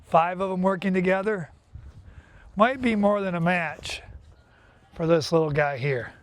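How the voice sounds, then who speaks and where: A man's voice: sits high, measured pace, dry recording. A man hosting a casual farm vlog, talking easily about his animals and calling to his dogs outdoors. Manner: chatty, coaxing the dogs with repeated calls; relaxed explanation while reading from a website. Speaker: farm owner and channel host. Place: outdoors on a farm, then inside his house.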